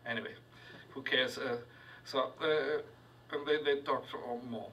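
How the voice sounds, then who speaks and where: A man reading his own fiction aloud to a live audience, halting on fillers and adding asides. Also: medium pitch, pushed and bright, distant mic, poor audio. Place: university reading hall with audience.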